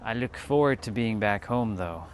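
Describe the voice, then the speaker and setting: A man's voice: on the low side, expressive, moderate pace, slight background noise. A man from California hosting a casual livestream, chatting and counting reps between exercises. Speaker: livestream host. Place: outdoors in hot weather.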